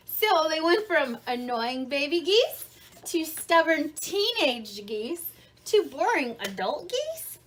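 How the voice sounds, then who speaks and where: Lady doing a kids story read-along, slow and unhurried, high voice, asks lots of questions. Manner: animated, asks children questions; explains words simply. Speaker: children's story reader.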